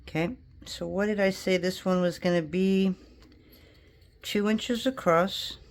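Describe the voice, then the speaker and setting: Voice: mid-range voice, fairly even intonation, measured pace. A polymer clay crafter in a home studio, casually thinking aloud and chatting to viewers while working.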